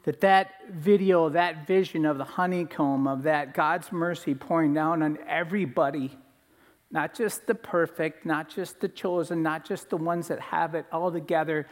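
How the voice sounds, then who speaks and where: A man's voice: a little high, fairly even intonation, moderate pace. A man speaking as pastor to his congregation, earnest and building phrases into a list. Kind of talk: sermon transition. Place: church. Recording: reverberant hall.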